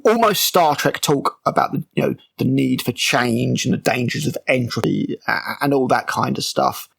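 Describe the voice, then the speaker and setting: A man's voice: mid-range voice, creaky, slightly rough. A man reviewing a TV episode scene by scene in an exasperated, sarcastic rant. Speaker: TV critic.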